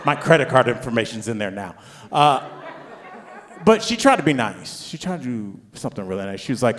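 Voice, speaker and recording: A man in his forties doing a stand-up set, telling a rambling family story with restarts and climbing into loud, high rants. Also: sing-song, a little fast. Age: 40s. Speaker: stand-up comedian. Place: comedy club stage. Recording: long hall reverb.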